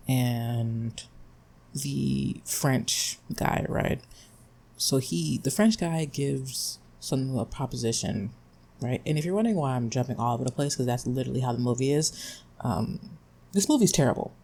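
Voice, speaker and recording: A man's voice: mid-range voice, measured pace, gravelly, darkish tone. A young man giving a rambling, exasperated spoken review, swearing freely as he recaps the plot. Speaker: vlogger reviewing a drama.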